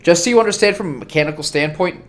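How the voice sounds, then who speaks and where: A man's voice: fairly high pitch, racing. A man narrating as game master for a tabletop game, in a casual, chatty way with laughs and fillers.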